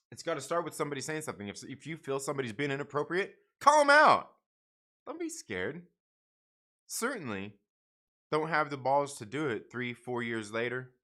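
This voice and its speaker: A man's voice: mid-range voice, a bit bright. A middle-aged man hosting a casual livestream, speaking bluntly and profanely, rambling with frequent restarts. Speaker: comic book channel host.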